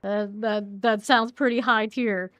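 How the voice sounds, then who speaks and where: A woman's voice: mid-range voice, fairly even intonation, slow, a bit bright, dry recording. A young woman streaming a game, chatting casually with viewers, answering chat and laughing easily while she plays.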